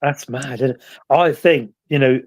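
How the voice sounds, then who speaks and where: A man's voice: medium pitch, moderate pace. A man with a British accent, hosting a casual chat and telling stories in a rambling, reflective way. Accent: British English. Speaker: host.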